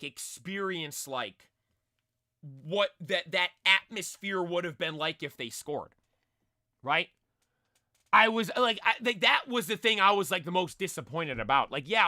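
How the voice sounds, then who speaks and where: Animated young man with a bright, high voice. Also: no echo, clean studio sound. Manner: animated, rambling, many fillers and restarts. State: voice nearly lost from screaming. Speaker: streamer telling a story. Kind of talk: excited storytelling.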